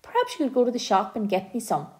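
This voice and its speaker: Woman doing a weary frail old grandad, slow halting speech, soft mellow tone. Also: a little high, wildly swooping pitch. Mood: stubborn.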